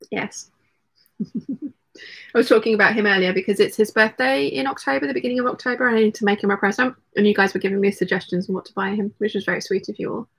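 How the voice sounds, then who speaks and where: A woman's voice: mid-range voice, a bit bright, breathy edge. A woman hosting a casual livestream from home, reading out chat messages, laughing often and talking while she eats. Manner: chatty, laughs often, talks while eating.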